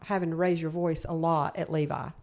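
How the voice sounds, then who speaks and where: Middle-aged mom, low-ish voice, calm and reflective, chatting with her daughters. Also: brisk. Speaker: guest, mother of the host. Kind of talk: casual family chat.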